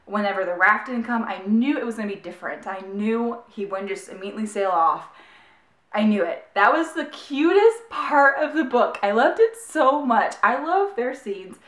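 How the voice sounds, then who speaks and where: A young woman talks about a book she loves, gushing and tripping over her words with a steady stream of "like." Her voice sits a little high and rings around an echoey room. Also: normal speed. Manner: gushing, excited, heavy use of "like". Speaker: book reviewer. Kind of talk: casual book review.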